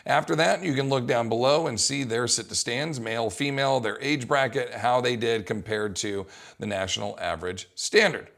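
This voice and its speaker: A young adult man coaching fitness, explaining an exercise test in a casual, lively way. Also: mid-range voice, normal speed, creaky. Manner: casual, animated, acts out coaching calls. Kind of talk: instructional talk.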